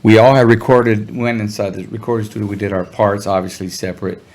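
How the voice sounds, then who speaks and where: A man telling a story in a relaxed interview, talking in slang and sounding animated when he quotes people. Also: lowish voice, quick pace, a little hiss or hum. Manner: laid-back, slangy, animated when quoting others. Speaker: guest musician.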